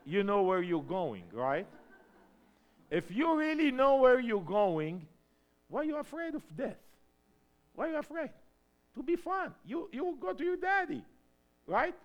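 A man from Egypt preaching a sermon testimony in English, swinging between hushed lines and loud emphatic shouts. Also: very high-pitched.

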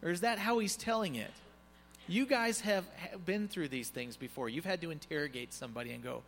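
A male pastor giving a conversational sermon, animated and joking asides with his congregation. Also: sits high, a little fast. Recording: long reverb, faint music behind.

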